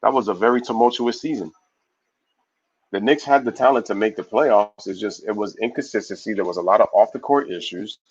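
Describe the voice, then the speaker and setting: A man's voice: fairly low pitch, a little fast, slightly rough, dull audio. Slangy man hosting a basketball live stream. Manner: reads viewer comments aloud and gives shout-outs; loose, slangy, animated opinions. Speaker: host of a live sports talk stream. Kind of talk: casual live-stream talk.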